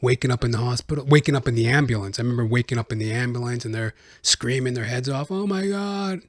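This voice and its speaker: A man's voice: medium pitch, fairly even intonation, quick pace, no echo. A man hosts his own podcast in a loose, rambling monologue that drifts from thought to thought, with an occasional chuckle. His voice sits in a middle range, and the recording is dry and close. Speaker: podcast host. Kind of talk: casual personal monologue.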